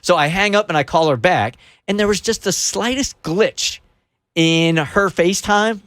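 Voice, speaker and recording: Middle-aged male radio host, lively storyteller, dry close mic. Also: high-pitched, no room sound. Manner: animated, fast storytelling. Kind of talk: storytelling on a morning show.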